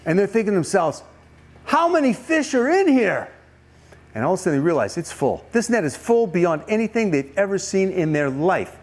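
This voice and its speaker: A man preaches to campers, acting out a Bible story and asking his listeners question after question. His voice sits high for a man. His delivery swings widely as he talks. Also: quick pace, hardly any pauses. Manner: animated storytelling, questions to the audience. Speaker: camp speaker. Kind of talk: youth camp sermon.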